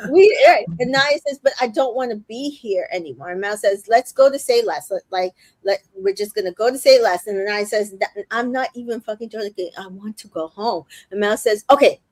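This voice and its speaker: A woman's voice: mid-range voice, brisk, few pauses, darkish tone, no room sound. A woman hosting a casual recap chat, retelling scenes with lots of swearing and filler words. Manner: retells scenes quoting people, swears freely, many fillers. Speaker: recap podcast host.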